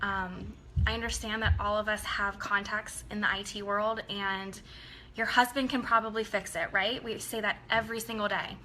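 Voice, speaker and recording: A woman's voice: mid-range voice, little pitch movement, normal speed, sharp tone, a little hiss or hum, rough recording. A woman talking casually and earnestly to her sales team, rambling with lots of ums. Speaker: team leader addressing her downline.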